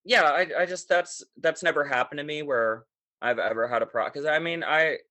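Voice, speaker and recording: A man in his thirties speaking as a podcast guest, candid, profane and animated in casual talk. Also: fairly high pitch, moderate pace, no room sound. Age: 30s.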